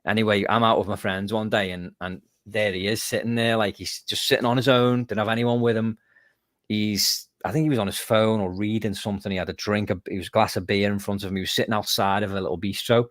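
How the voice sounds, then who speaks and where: A man's voice: fairly low pitch, quick pace, no echo. A man from the UK, a guest musician telling stories in a casual interview. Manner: animated storyteller, lively and self-mocking.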